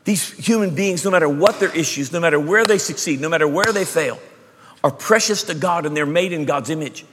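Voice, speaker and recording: A man preaching a sermon, emphatic, moving between loud bursts and hushed asides. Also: on the high side, a little fast, a little hiss or hum. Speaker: pastor. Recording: long hall reverb.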